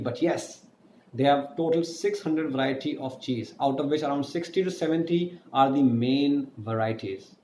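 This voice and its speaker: A male teacher giving a recorded online French lesson, explaining slowly, spelling words out letter by letter and answering his own questions. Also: fairly high pitch, dark tone. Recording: echoey room with faint noise.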